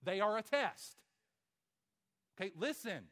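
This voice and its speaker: A man's voice: mid-range voice, lively intonation, moderate pace, pauses often. Emphatic man preaching a sermon. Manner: emphatic, rhetorical questions, swings from loud to soft. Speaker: pastor.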